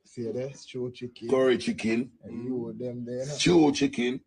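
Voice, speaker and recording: A man putting on a deep, laid-back Caribbean voice to mock someone, listing food in a drawn-out way. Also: fairly even intonation, crowd noise, lightly acted. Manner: mocking, drawn-out put-on accent.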